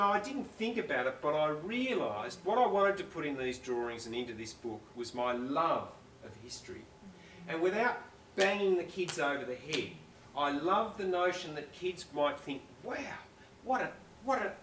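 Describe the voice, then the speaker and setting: A man's voice: on the high side, a bit bright, a little hiss or hum. An Australian man speaking as a guest author in a live on-stage conversation, talking enthusiastically, rambling and often breaking off mid-thought. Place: school hall before an audience. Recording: roomy and distant with faint ambience.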